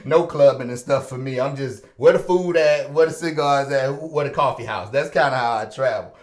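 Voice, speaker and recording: A man hosting a podcast, telling a story with lively energy, acting out the dialogue and laughing often. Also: mid-range voice, moderate pace. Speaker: podcast host. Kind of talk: animated storytelling chat. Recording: roomy echoey room.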